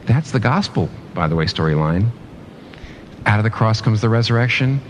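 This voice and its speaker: A man's voice: lowish voice, lively intonation, moderate pace, a little hiss or hum. A man preaching a sermon in an earnest way, often restarting and repeating phrases for emphasis.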